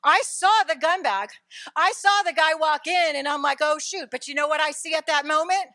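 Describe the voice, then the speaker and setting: A middle-aged woman preaching a sermon, telling a lively personal story and shouting at its dramatic moments. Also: high voice, normal speed, no room sound.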